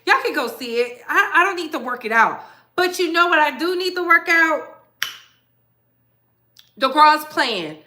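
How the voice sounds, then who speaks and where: A woman's voice: high-pitched, expressive, unhurried, long pauses, sharp tone. A woman hosting a gossip commentary vlog, blunt, emphatic and sassy in her opinions.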